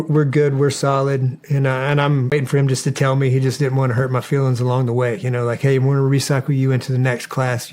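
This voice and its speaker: A man's voice: medium pitch, darkish tone. A man telling a story from his army days in a loose, rambling way, full of fillers and swearing, as a podcast guest. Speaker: guest, former soldier. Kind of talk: casual storytelling.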